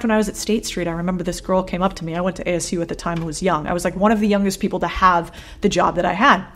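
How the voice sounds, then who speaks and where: Blunt, casual woman giving money advice. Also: mid-range voice. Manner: blunt, casual, swears freely. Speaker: business creator and host. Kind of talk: direct-to-camera advice talk.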